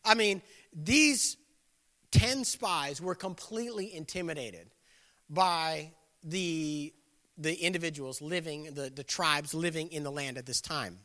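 A pastor with a slightly high, bright, forceful voice preaches a little slowly, keeping his sermon casual and conversational. He slips into the voices of people in the story, and long hall reverb trails his words.

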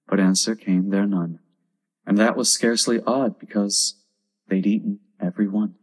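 Man, storybook narrator, low voice, steady and measured reading. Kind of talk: storybook read-aloud.

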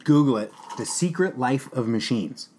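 A man's voice: medium pitch, animated, normal speed, noisy background. A middle-aged man chatting as a podcast guest, joking and rambling. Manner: jokey, rambling. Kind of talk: casual chat.

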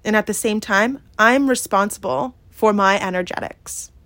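This podcast host shares a personal story in an open, emphatic, expletive-heavy way, saying "like" and "yeah?" constantly. Her medium-pitched voice is a bit bright, moves at a normal speed, and has no echo.

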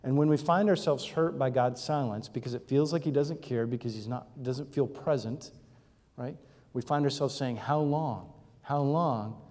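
A man's voice: mid-range voice, moderate pace, darkish tone. A male pastor preaching a sermon in a conversational teaching manner, often asking rhetorical questions and checking in with his listeners. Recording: long reverb of a large hall.

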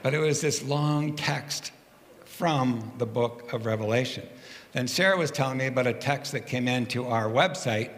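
A man preaches a sermon in a reverberant church hall, his voice carrying a long tail of echo. He speaks in a conversational storytelling way, warm in rhythm and lightly humorous about himself. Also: mid-range voice, normal speed, a little hiss or hum. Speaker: pastor.

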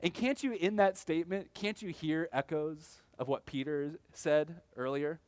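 A young man delivering a sermon on a close, dry mic. His voice sits a bit high, and he talks to the congregation casually, jumping into lively acted-out quotes. The sound is intimate with no room echo. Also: unhurried. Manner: conversational preaching with animated acted-out quotes. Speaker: pastor.

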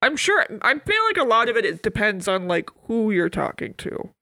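Playful podcast co-host, woman, mid pitch, crisp and bright. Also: very animated, normal speed, no echo. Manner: joking, rambling, playful. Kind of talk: casual chat.

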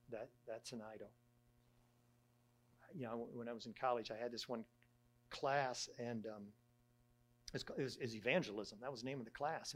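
A middle-aged man, a church elder, giving a conversational sermon in a halting way, with frequent restarts and fillers. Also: mid-range voice.

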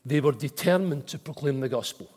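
Man, pastor preaching; lively, husky voice; big church-hall reverb. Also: mid-range voice, brisk. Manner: emphatic, rising to forceful repeated declarations. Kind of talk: sermon. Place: church auditorium.

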